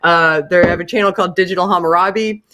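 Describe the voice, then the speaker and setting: A woman's voice: on the low side, steady tone, fast, sharp tone. A woman hosting a live call-in show, direct and laughing often. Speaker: host.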